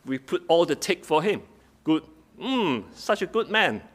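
A man's voice: fairly high pitch, sing-song, a little slow. Man preaching through a Bible passage. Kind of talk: sermon, Bible study exposition.

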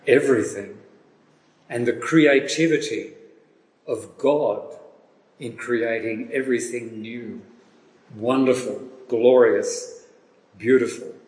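A man preaching a sermon, reading scripture aloud slowly and with emphasis. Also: medium pitch, darkish tone. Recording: echoey hall with long reverb.

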